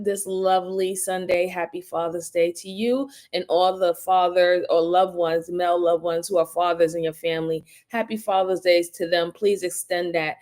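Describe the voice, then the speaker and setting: A middle-aged woman hosting a casual livestream, giving heartfelt shout-outs to her viewers and turning emotional at times. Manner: warm shout-outs, rising to high excited greetings. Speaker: livestream host.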